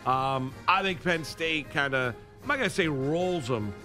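A man's voice: a little high, expressive, measured pace, pushed and bright, faint music behind. Wry sports radio co-host, man. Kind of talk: casual sports radio chat.

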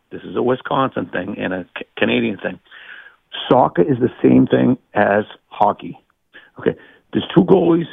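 Male caller with a Boston accent, very gravelly and husky, rambles on a tinny phone line. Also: mid-range voice, no room sound. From Boston area. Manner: rambling, repeats words. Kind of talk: casual chat on a phone call.

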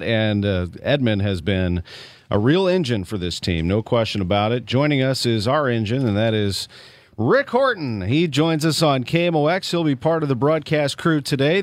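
A man's voice: mid-range voice, no room sound. A man hosting a sports radio pregame chat, talking in an enthusiastic, conversational way. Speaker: radio host.

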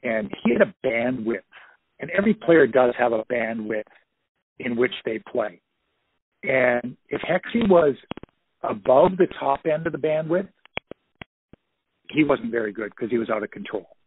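A former hockey player in his fifties tells stories in an interview over a phone line, rambling along with lots of "you know" fillers and anecdotes. His medium-pitched voice is expressive with a breathy edge, a little slow, with long pauses, and the recording is dry.

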